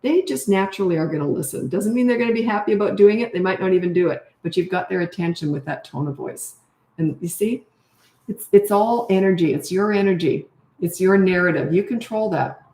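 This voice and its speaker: A woman's voice: fairly low pitch, fairly quick, dark tone, echoey room. Chatty older woman, parenting coach. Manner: casual, chatty, direct, many fillers. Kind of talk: live Q&A, reading and answering comments.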